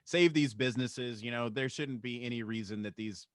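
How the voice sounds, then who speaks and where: A man's voice: mid-range voice, normal speed, no echo. Man, earnest podcast co-host, mid-range voice, casual swearing, dry recording.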